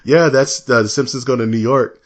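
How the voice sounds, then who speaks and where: A man co-hosting a podcast in casual chat, animated and laughing often, slipping into mock voices when he tells a story. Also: medium pitch, a little fast. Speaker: podcast co-host.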